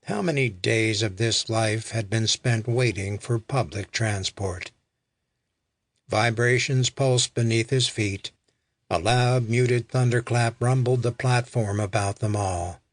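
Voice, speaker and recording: Slow, measured male audiobook narrator. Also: on the low side, no echo. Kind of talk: scripted narration.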